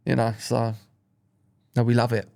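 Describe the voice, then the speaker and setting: A man's voice: mid-range voice, monotone, measured pace, gravelly, warm tone, smooth. A young man chats on a comedy podcast in an everyday mid-range voice. He jokes around loosely and drops into mocking voices for laughs. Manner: jokey, slips into mocking voices. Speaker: podcast co-host. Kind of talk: casual comedy podcast chat.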